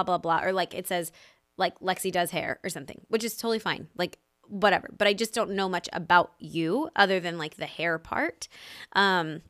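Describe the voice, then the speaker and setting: A woman's voice: medium pitch, fairly bright tone. A woman in her thirties hosting a podcast, giving casual business advice in a chatty, upbeat way full of "like" and "right?". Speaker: podcast host and business coach.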